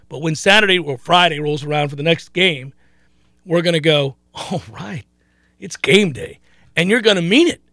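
On a sports talk show, a male host chats animatedly and casually about his team, often starting his sentences over. His voice is high and a bit bright, recorded with no echo.

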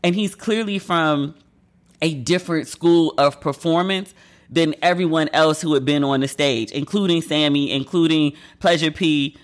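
A woman's voice: sits low, normal speed. A woman host in casual chat, telling candid, profane stories with playful acted asides. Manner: candid, profane, gossipy storytelling.

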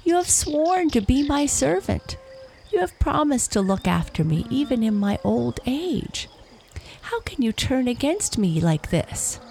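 A woman's voice: flat delivery, moderate pace, vocal fry, few pauses, darkish tone, slight background noise. A woman voicing a desperate male wolf who begs his false friend to save him. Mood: pleading. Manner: pleading, high and strained. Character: pleading desperate male wolf, trapped and begging.

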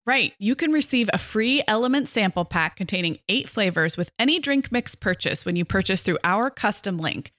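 A woman in her forties co-hosts a parenting podcast with a bright, forward tone. She talks in an upbeat, conversational way. The sound is dry and close. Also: mid-range voice, expressive, normal speed, hardly any pauses, no room sound. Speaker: podcast co-host. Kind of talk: casual chat and ad reads.

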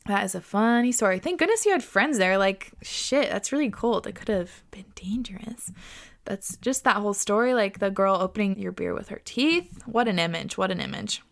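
A woman's voice: mid-range voice, lively intonation, moderate pace, vocal fry. A young woman hosting a casual podcast, reading listener stories aloud with chatty, laughing reactions and plenty of swearing. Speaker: podcast host.

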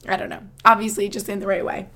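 A woman's voice: medium pitch, level tone, quick pace, pushed and bright. A young woman in her twenties hosting a podcast, chatting in a casual, upbeat way with lots of "like" fillers and frequent laughter. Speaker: podcast host. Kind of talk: casual chat.

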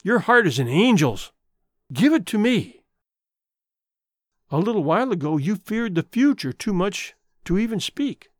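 A man's voice: high voice, big pitch swings, unhurried, long pauses, dry recording, clean studio sound, voice pushed up. A man voicing an idealistic young man with an impassioned, declamatory manner. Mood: ardent.

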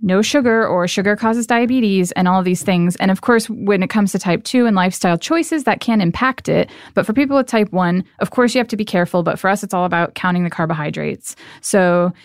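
A woman in her thirties with a smooth, resonant voice speaks as an interview guest. She explains things earnestly in a conversational way. Her voice sounds close and dry, with little room sound. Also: mid-range voice, fairly quick, few pauses, dry recording. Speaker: guest, nonprofit founder.

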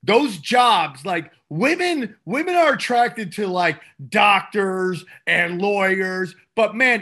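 A man co-hosting a comedy podcast in casual chat, excitable with loud laughing bursts. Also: high voice, slow pace, hardly any pauses. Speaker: podcast co-host.

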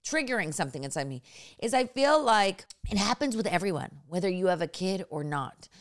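A woman in her thirties chatting casually, an animated storyteller who acts out quotes and swears freely. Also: medium pitch, brisk. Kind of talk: casual chat.

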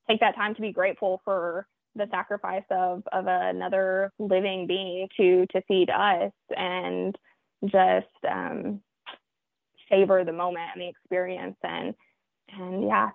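A woman from Oklahoma, a guest telling a hunting story in an interview, reflective and halting with many fillers. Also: medium pitch, vocal fry, no echo. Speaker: guest hunter. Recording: tinny phone line.

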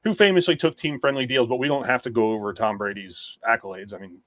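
A man's voice: mid-range voice, fast talker, fairly bright tone, no echo. A man who writes about football, chatting on a sports podcast and reciting contract figures in an analytical way. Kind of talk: casual sports podcast chat.

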